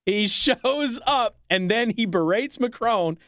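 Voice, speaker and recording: A man's voice: very high voice, expressive, slow pace, fairly bright tone, no echo. A man hosting a talk radio show in a studio, delivering a sarcastic, opinionated monologue and laughing at his own jokes.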